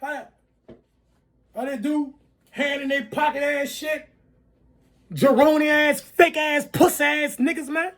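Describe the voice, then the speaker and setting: A video creator delivers an angry, profane rant to viewers, veering between shouting and muttering and repeatedly asking "you heard me" and "you feel me." Between outbursts he stops to offer apologetic asides. His voice sits high with fairly even intonation, and he speaks slowly with long pauses.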